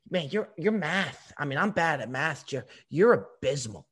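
A man's voice: fairly high pitch, big pitch swings, normal speed, hardly any pauses, a bit bright, breathy edge. A man hosting a podcast, teasing his co-host with playful exasperation in casual comedic banter.

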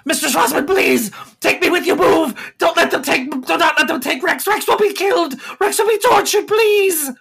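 A shrieking, desperate gargoyle. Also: male voice, sits high, expressive, moderate pace, vocal fry, pushed and bright, breathy edge, pitched above the performer's own voice, heavily acted. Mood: screaming, desperate. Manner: refers to himself in third person, begging. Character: frantic pleading gargoyle servant, male.

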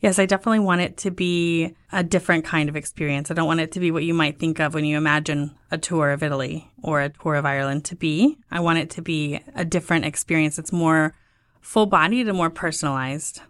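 A woman's voice: fairly quick, no echo, studio quality. A woman talking as a guest in an interview, telling her story in a casual way and acting out the questions people asked her with lifts in her voice. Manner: lively, acts out quoted questions with lifts in pitch. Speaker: guest, travel tour founder.

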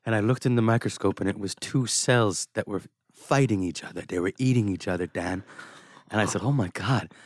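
A man's voice: fairly low pitch, a little fast. A man chatting casually as a podcast host, telling stories with lots of acted-out quotes and frequent laughter. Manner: animated storyteller who acts out quotes and laughs often. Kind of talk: casual chat.

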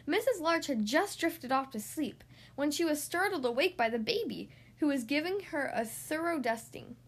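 A woman reading a children's picture book aloud, in an expressive, animated way. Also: high voice, moderate pace. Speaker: reader.

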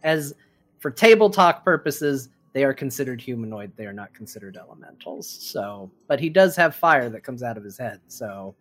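A man narrates as game master of a tabletop role-playing game. He talks at a middle pitch and often pauses on ums and uhs while he describes the scene. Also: expressive, a bit bright. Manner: hesitant, filler-heavy narration.

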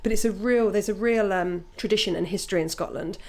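A woman's voice: medium pitch, quick pace, a little mellow. A woman who is a stand-up comedian, talking casually with many restarts. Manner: chatty, rambling restarts. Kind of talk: casual chat.

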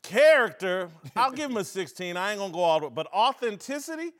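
A man's voice: high-pitched, very animated, fast talker, fairly bright tone. A man hosting a comedic sports talk show, giving blunt, playful verdicts. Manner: blunt, playful ratings delivery.

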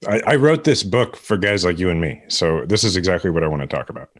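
Fast-talking deep-voiced male guest. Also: very animated. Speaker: guest author. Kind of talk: casual interview chat.

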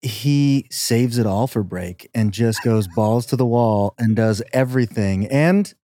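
A man co-hosting a podcast in relaxed casual chat, often laughing. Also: mid-range voice, measured pace, no echo, studio quality. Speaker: podcast co-host.

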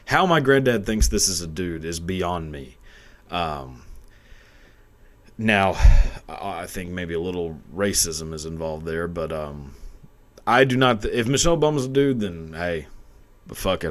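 A young man with a low, deep voice rants crude, profane commentary straight into his camera. His pitch swings widely as he rambles, swears and laughs. The delivery is loose and unscripted. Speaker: video commentator. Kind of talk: crude comedic rant. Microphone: camera mic.

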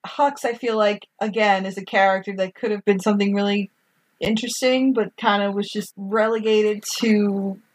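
A woman co-hosting a casual film recap, talking in an animated, gushing way and acting out characters' lines. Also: mid-range voice, normal speed, low-quality recording. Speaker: podcast co-host.

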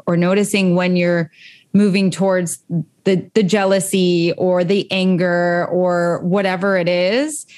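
A woman's voice: fairly low pitch, a little mellow. A woman in her thirties, a co-host talking earnestly and reflectively about emotions and parenting, with many fillers. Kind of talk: casual chat.

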